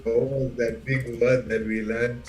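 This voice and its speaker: A man's voice: mid-range voice, flat delivery, unhurried, a little mellow, echoey room, recorded from a distance, faint music behind, poor audio. A man co-hosting a live chess lesson, playful and teasing, talking straight to the chat. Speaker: chess co-host.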